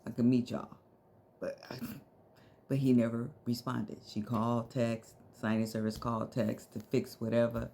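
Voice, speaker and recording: A woman's voice: rumbling low, flat delivery, measured pace, vocal fry, warm tone, a little hiss or hum. A middle-aged woman telling a story to her viewers in a casual, slangy way, laughing often.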